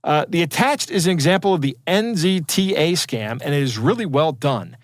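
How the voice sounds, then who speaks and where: A man's voice: fairly high pitch, lively intonation, moderate pace, no echo, studio quality. A man co-hosting a podcast, chatting casually and digressing to explain technical details. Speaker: podcast co-host. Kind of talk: casual chat.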